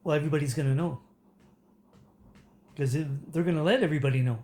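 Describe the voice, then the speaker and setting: Canadian man, fairly high voice, loose rambling rant with lots of ums and laughs. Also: quick pace, a little mellow. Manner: rambling, many fillers and restarts, frequent laughter. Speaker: political commentator. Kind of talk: casual rant to camera.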